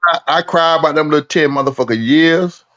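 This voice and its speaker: A man telling a prison story in a casual chat, animated and profane, laughing as he talks. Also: on the high side, a little fast. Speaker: podcast co-host telling a story. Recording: dull lo-fi recording.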